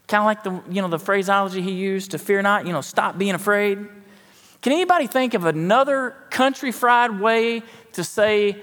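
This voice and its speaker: Folksy high-voiced pastor preaching. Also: male voice, moderate pace, fairly bright tone, in a large hall. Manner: folksy, conversational, self-deprecating asides. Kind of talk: sermon. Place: church sanctuary.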